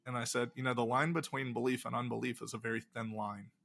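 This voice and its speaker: A man's voice: medium pitch, quick pace, creaky. A middle-aged man, a pastor and game designer, telling stories in a casual interview and acting out the dialogue. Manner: animated retelling with quoted dialogue.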